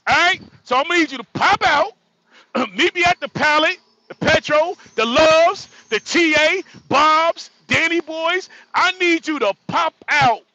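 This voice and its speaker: A man's voice: very high voice, unhurried, sharp tone, no room sound, dull audio. A man, a trucker hosting a casual livestream, joking and repeating himself as he talks. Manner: joking, repetitive, frequent laughter. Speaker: livestream host; truck driver.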